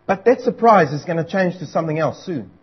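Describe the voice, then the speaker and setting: A man delivers an earnest, urgent sermon, repeating his key lines for weight. His voice sits high and a little husky. The recording is dull and lo-fi. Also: lively intonation, brisk. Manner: earnest, urgent preaching with emphatic repetition. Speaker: preacher.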